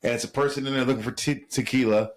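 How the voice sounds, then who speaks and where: A man's voice: medium pitch, fairly even intonation, quick pace. A man co-hosting a podcast, talking bluntly and casually with profanity and stammered restarts. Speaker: podcast co-host. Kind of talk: casual chat.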